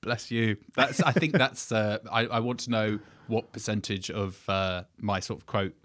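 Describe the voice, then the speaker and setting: A man's voice: lowish voice, moderate pace, a bit bright, dry recording, studio quality. Wry man hosting a podcast. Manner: chatty, wry interviewer who recaps stories. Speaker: podcast host. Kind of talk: casual podcast interview.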